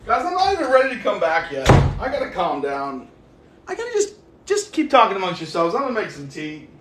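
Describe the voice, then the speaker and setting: A man's voice: high-pitched, huge pitch swings, brisk, a bit bright. A man livestreaming a casual, profane rant, agitated and talking straight to his chat. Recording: echoey room with faint noise.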